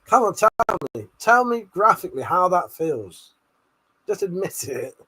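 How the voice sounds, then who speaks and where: A high-pitched man hosts a casual live stream, his voice bright and forceful. He answers chat in a brash, profane, teasing way and laughs often. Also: sing-song, unhurried, a little hiss or hum.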